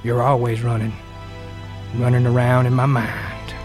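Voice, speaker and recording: Bronx-raised co-host, mock-romantic dramatic reading, music bed behind. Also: male voice, medium pitch, monotone. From New York, the Bronx. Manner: slow, earnest, mock-romantic delivery. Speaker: podcast co-host.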